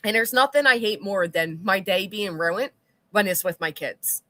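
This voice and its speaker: Bright-voiced chatty woman livestream host. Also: mid-range voice, lively intonation, moderate pace, no echo. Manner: chatty, rambling, reads chat aloud. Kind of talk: casual livestream chat with viewers.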